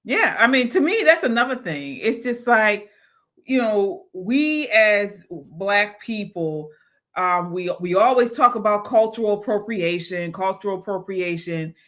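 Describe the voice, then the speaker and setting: A woman's voice: medium pitch, lively intonation, unhurried, a bit bright. A woman co-host in a casual panel chat who hesitates often with ums and uhs.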